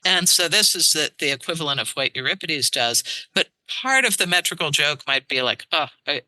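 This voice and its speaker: A woman translator, a guest on a podcast, explaining in an animated way and tapping out verse rhythms aloud. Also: low voice, a little fast, dry recording, poor audio. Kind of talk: casual podcast interview. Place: studio.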